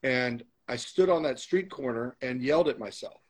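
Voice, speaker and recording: A man's voice: mid-range voice, normal speed, breathy edge, low-quality recording. A man being interviewed as a guest, telling a candid story with emphatic, motivational repetition. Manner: emphatic, motivational, repeats phrases for stress.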